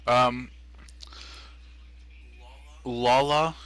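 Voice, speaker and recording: A man narrating as dungeon master of a tabletop game, describing scenes with halting restarts and fillers. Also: mid-range voice, steady tone, a bit bright, clear, resonant tone.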